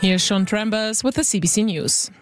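A woman from Germany, hosting a radio call-in show and opening it with a clear, measured scripted introduction at a studio microphone. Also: mid-range voice, over loud music.

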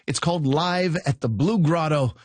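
A man's voice: on the high side, normal speed, darkish tone, no echo. A man hosting a comedy show, reading upbeat promotional announcements. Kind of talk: scripted announcements.

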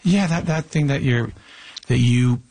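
A man's voice: medium pitch, measured pace, warm tone. A man hosting a radio interview, asking questions in a searching way and often restarting his phrases. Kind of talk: casual interview conversation.

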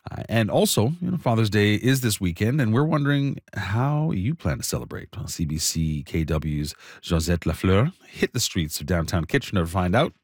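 A man hosting a radio show, relaxed and easygoing with small fillers. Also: fairly low pitch, moderate pace, hardly any pauses, no echo, clean studio sound. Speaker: radio host. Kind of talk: radio show host talk.

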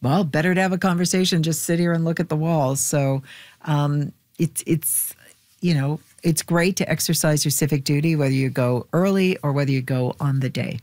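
A radio co-host chatting casually, thoughtful and halting, in a studio. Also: medium pitch, steady tone, darkish tone, no room sound. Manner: thoughtful, halting, restarts often.

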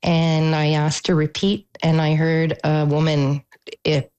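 A woman, a mother, telling a news interviewer what happened, haltingly and with pauses. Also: low voice, flat delivery, a little mellow, clean tone, poor audio. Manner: halting, emotional recounting with pauses. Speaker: mother of an assault victim.

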